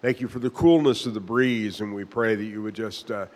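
Low-voiced male pastor, gentle prayer, reverberant hall. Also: fairly even intonation, brisk. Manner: soft-spoken, hesitant, fillers. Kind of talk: opening prayer.

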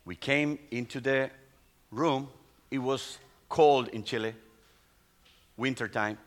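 Non-native pastor telling a testimony. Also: male voice, mid-range voice. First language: Spanish. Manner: non-native English, halting storytelling with restarts. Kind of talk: sermon testimony.

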